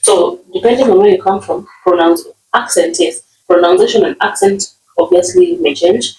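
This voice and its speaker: A woman's voice: mid-range voice, sing-song, moderate pace, a little mellow. A woman from Nyeri with a Kenyan accent, teaching household words in a casual lesson, repeating words and often checking with "okay?". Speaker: language teacher. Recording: roomy, distant mic.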